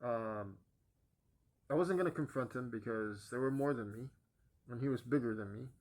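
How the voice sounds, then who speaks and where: In a halting vlog testimony, a young man with a mid-pitched voice pauses often and leans on fillers, softly trailing off as each phrase drops low.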